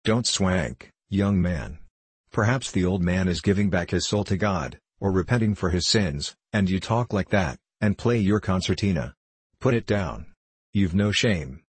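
A man's voice: low-pitched, animated, measured pace, slightly rough, dry recording, exaggerated voice. A man voicing a pious, fussy old pilgrim woman who scolds. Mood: fretful.

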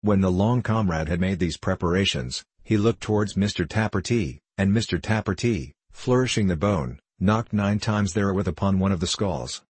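A man reads an audiobook in a measured, even storytelling style, his low-pitched voice carrying a breathy edge, with no room sound.

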